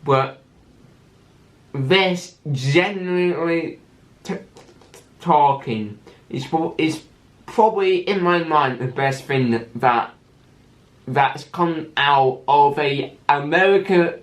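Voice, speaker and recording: A man's voice: on the high side, takes it slowly, long pauses, reverberant. A man hosting a casual solo podcast who stammers and restarts his words often. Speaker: podcast host.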